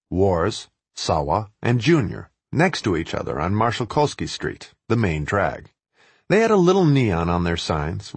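Man, wry storytelling read, husky voice, animated pitch, close and dry. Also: no room sound. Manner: wry, sardonic. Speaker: writer reading his own travel piece. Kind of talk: first-person narration read aloud.

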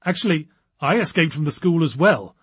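A man voicing a cautious, quick-thinking young woman who speaks in a hesitant, reassuring way. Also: fairly high pitch, expressive, breathy edge, no room sound.

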